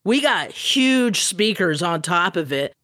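A woman radio DJ telling an animated, profane anecdote as a guest, laughing as she goes. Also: lowish voice, slow, no echo, clean studio sound. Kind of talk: storytelling anecdote.

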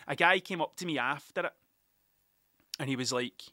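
A man's voice: a little high, normal speed, sharp tone, no room sound, clean studio sound. A Scottish man, a musician, telling rambling, sweary stories about gigs in a casual monologue, often laughing at himself.

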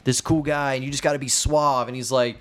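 A man's voice: mid-range voice, steady tone, brisk, a bit bright. A man co-hosting a casual podcast, animatedly retelling film scenes and acting out the quoted lines. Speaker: podcast co-host.

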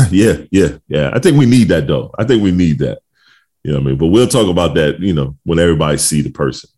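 Very deep-voiced laid-back man. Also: lively intonation, quick pace, mellow, husky. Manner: laid-back, rambling with many fillers and laughs. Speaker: podcast co-host. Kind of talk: casual chat.

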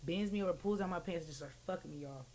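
A woman's voice: fairly low pitch, rapid-fire, a little mellow, slight background noise. A woman co-hosting a casual podcast, telling a wild story with lots of profanity and acted-out quotes. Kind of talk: casual chat.

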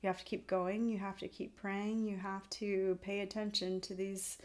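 A woman's voice: mid-range voice, little pitch movement, normal speed. A woman in her thirties, a podcast guest, talking earnestly about faith in a rambling, storytelling way full of restarts. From California.

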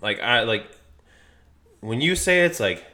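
A man's voice: mid-range voice, big pitch swings, measured pace, sharp tone. A man from Philadelphia, a podcast guest, chatting casually and rambling as he loses his thread. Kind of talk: casual chat.

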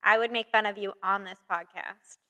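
A woman's voice: mid-range voice, steady tone, normal speed, bright, forceful tone, low-quality recording. A young woman in her twenties co-hosting a podcast in casual chat, reading stories aloud and laughing easily. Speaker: podcast co-host.

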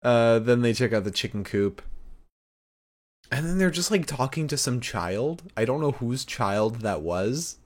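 A man's voice: mid-range voice, expressive, unhurried. A man co-hosting a podcast, recapping a show in rambling casual chat with lots of fillers and laughs. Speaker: podcast co-host.

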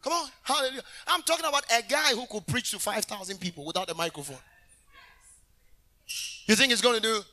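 A man minister preaching a sermon in an animated way, bursting into shouts and talking directly to the congregation. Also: high-pitched, a little fast, pauses often.

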